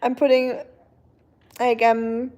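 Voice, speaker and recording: A woman with a German accent chats casually with her stream viewers, rambling on with plenty of fillers. Her voice sits a little high but sounds soft and mellow. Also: monotone, slow, highs cut off. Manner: chatty and rambling, with lots of fillers. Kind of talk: casual chat with viewers while gaming.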